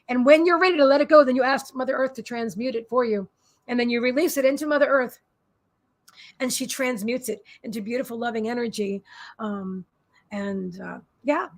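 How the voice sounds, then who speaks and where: A woman's voice: a little high, normal speed, pauses often. A middle-aged woman, a psychic healer giving a live-streamed spiritual reading in a rambling, repetitive, soothing way.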